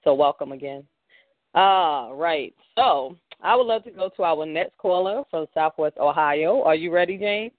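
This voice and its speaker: Male host, somewhat high, distracted by tech; phone-thin dry sound. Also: moderate pace, dry recording. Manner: fumbling with tech, talking himself through it. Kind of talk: casual online show hosting. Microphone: tablet. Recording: tinny phone-like call audio, dry.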